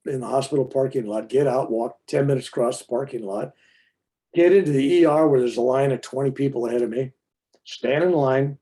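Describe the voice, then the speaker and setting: A man in his fifties telling a personal story to an audience over a video call, acting out the dialogue as he goes. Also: mid-range voice. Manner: animated storyteller, acts out dialogue. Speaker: speaker.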